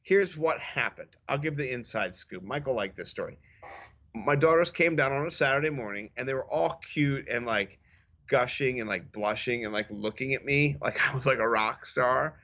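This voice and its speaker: Bright, animated man on a fantasy podcast. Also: medium pitch, normal speed, dull audio. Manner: animated storyteller, acts out quotes. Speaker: podcast co-host. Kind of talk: casual sports chat.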